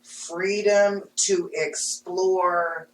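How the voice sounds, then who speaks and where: A woman's voice: lowish voice, fairly even intonation, extremely slow. A woman in her fifties, an intuitive reader and healer, talking frankly and animatedly in a casual chat, laughing often. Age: 50s. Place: studio room. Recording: roomy, distant mic, faint hum.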